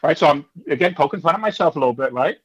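A man's voice: on the high side, very fast, slightly rough, dull audio. A man in his fifties, a former stand-up comedian, telling stories casually in an interview and acting out the people in them. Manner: animated, acts out hecklers in character voices.

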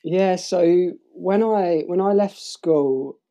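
A man's voice: sits high, slow pace, mellow. A man in his forties from Devon with a London accent, answering interview questions in an easygoing, self-deprecating way. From Devon, England. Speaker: guest.

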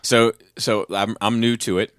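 A man's voice: on the low side, flat delivery, measured pace, fairly bright tone, clear, resonant tone, no room sound, studio quality. A man co-hosting a casual podcast chat, playful and jokey as he talks about games and collectibles. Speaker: podcast co-host.

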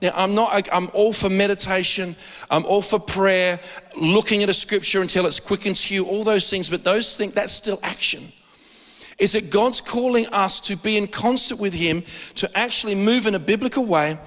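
A man giving a conversational sermon, telling lively, joking stories and acting out quotes. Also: high voice, moderate pace. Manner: animated storytelling with jokes and acted-out quotes. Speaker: preacher. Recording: long hall reverb.

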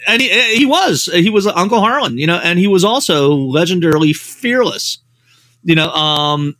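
A man's voice: sits high, lively intonation, moderate pace, fairly bright tone, no echo. A man, a novelist and screenwriter, telling rambling anecdotes as a podcast guest, full of "you know" fillers.

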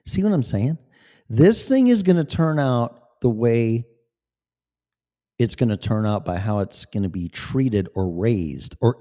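Profane, animated man in his fifties. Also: mid-range voice. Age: 50s. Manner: profane, emphatic, digressive. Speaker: vlogger. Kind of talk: casual rambling monologue.

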